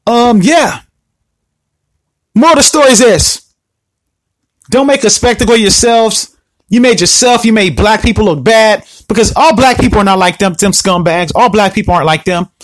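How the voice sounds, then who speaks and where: A man hosting a solo podcast, ranting in an animated, repetitive, confrontational way. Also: high voice, moderate pace, no echo. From Southern California. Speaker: podcast host.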